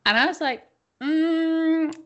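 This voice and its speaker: A young woman co-hosting a podcast, telling stories in a chatty, animated way with many fillers. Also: on the low side, a little fast, dull audio. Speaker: podcast co-host. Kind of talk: casual chat.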